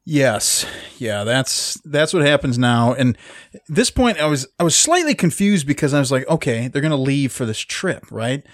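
A man's voice: mid-range voice, lively intonation, moderate pace, no echo. Man, podcast co-host, casual film chat, joking asides, dry close sound. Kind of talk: casual movie discussion.

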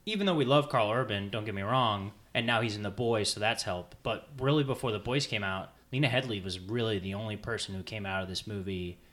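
Bright-voiced enthusiastic man chatting films. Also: on the low side, a little fast, few pauses. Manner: enthusiastic, rambling with many fillers. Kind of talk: casual movie podcast chat.

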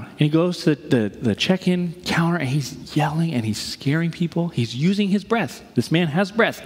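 A middle-aged pastor with a slightly high, breathy-edged voice delivers a sermon as an animated story, acting out the voices of its characters. Long reverb fills the large church auditorium.

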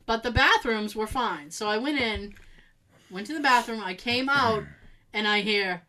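Bright-voiced New woman telling a story. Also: a little high, a little slow, poor audio. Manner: animated, laughing, acts out quotes. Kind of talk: casual storytelling chat.

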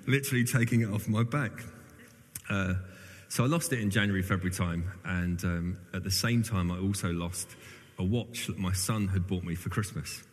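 A man's voice: deep voice, normal speed. Chatty clergyman in an echoing hall. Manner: chatty, self-deprecating storyteller. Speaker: church clergyman. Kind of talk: informal sermon to a congregation. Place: large reverberant church hall. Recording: long hall reverb.

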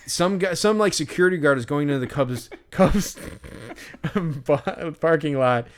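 A young man co-hosting a podcast, telling a story in a casual, animated way with many fillers. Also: unhurried. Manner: animated storyteller, acts out others in loud high voices. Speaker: podcast co-host. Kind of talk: casual chat.

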